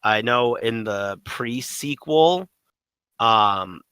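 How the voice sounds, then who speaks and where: A man co-hosting a casual gaming podcast, talking in a loose, rambling way with lots of "like" and "um". His voice is bright and forward, with a dry, close sound and no room in it. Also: mid-range voice, animated, extremely slow, smooth, dry recording, low-quality recording. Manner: rambling, full of "like" and "um". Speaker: podcast co-host.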